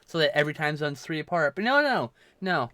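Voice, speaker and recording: A man's voice: fairly high pitch, big pitch swings, a little fast, pushed and bright, dry recording. A man chatting casually on a live stream, rambling and self-mocking, swearing freely.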